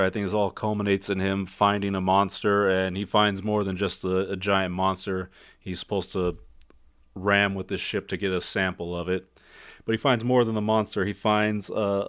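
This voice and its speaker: Low, clear-voiced man rambling a review. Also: fairly bright tone, no room sound, studio quality. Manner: rambling, self-doubting, many fillers. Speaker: film reviewer. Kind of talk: casual spoken review.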